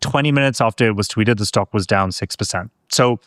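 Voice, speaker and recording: A British man co-hosting a casual tech podcast, chatty and quick to laugh. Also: fairly low pitch, a bit bright, no room sound, clean studio sound. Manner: chatty, laughs easily, says whilst. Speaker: podcast co-host.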